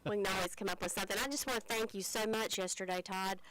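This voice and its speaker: Woman, radio co-host, cheerful, laughs easily, middle pitch. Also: fairly even intonation, quick pace, a bit bright, slight background noise, poor audio. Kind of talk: casual morning radio chat. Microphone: studio microphone.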